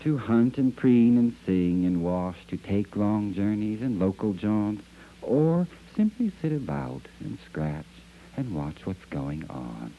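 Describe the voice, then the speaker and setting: A man's voice: on the low side, sing-song, takes it slowly, gravelly, slight background noise, pitched above the performer's own voice, heavily acted. A man voicing a chorus of wild birds, imitating quacks, hoots and chirps. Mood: cheerful. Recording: dull lo-fi archive recording.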